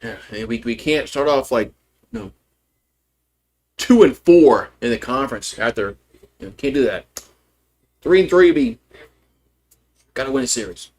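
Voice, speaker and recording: A man calls a baseball game live for his stream, pitch by pitch. He roots openly for his team and drifts into loose, chatty asides between pitches. His voice sits at an ordinary middle pitch. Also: animated, moderate pace, pauses often, a little mellow. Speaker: fan play-by-play streamer. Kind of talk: live baseball play-by-play commentary.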